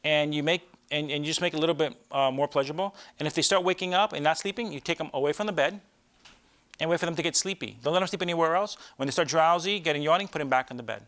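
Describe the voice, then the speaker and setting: A man's voice: fairly high pitch, fast talker, a bit bright. A middle-aged man, a sleep doctor, giving a live talk to parents in a conversational way, often checking in with the audience with rhetorical questions.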